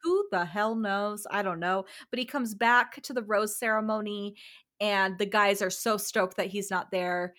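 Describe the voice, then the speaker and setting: Bright, bubbly young woman chatting. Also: mid-range voice, measured pace. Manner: bubbly, laughs often, many fillers. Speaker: podcast co-host. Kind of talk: casual chat recapping a reality show.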